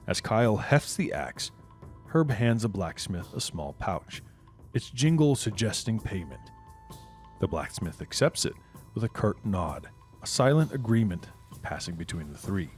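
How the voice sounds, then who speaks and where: Man narrating as game master, lively. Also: lowish voice. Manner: descriptive, storytelling.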